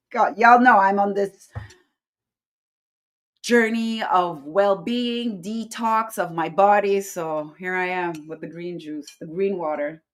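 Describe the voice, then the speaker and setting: A woman's voice: mid-range voice, takes it slowly, long pauses. Chatty, sassy woman hosting a livestream. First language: French. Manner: chatty, sassy, calls viewers y'all and honey. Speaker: host. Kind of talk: casual livestream chat.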